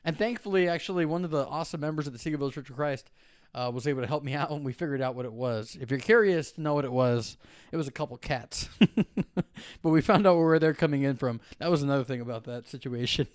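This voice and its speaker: A man with a somewhat high, clean, resonant voice gives a weekly devotional. He tells a personal story in a lively, animated way and laughs often. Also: quick pace, clean tone. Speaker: preacher. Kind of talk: devotional talk.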